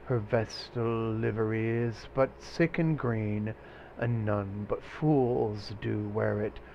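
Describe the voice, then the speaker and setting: A male teacher reciting a young lover's lines slowly and softly. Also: on the low side, steady tone, creaky, muffled recording, a little hiss or hum. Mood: yearning.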